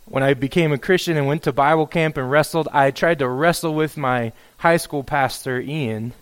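Man, pastor, sermon, somewhat high-pitched, expressive storytelling. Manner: reads scripture then expounds, acts out a pleading prophet with rising intensity.

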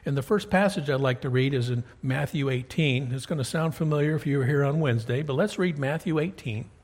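A man with a husky, slightly breathy voice preaches a sermon from the pulpit. He talks in a folksy, conversational way, leaning on rhetorical questions. His voice sits at an ordinary middle pitch. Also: a little fast, darkish tone. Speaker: pastor.

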